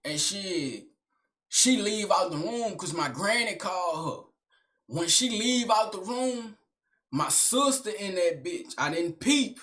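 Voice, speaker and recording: A young man recounts a family fight in loose, slangy street talk, animated and blunt. His voice sits high and bright, with a sharp edge when he gets worked up. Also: slow pace. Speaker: storyteller. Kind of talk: casual storytime vlog.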